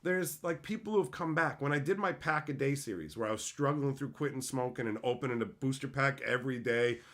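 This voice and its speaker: A man's voice: mid-range voice, fairly quick. A man streaming live, chatting casually with viewers, swearing freely and laughing often. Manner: profane, animated, laughs often. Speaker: streamer and entertainer. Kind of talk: casual livestream chat with viewers.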